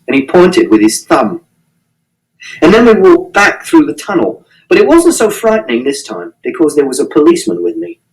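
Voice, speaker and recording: Earnest man reading a first-person story. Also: fairly high pitch. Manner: earnest, literal, matter-of-fact. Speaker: reader. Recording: distant mic.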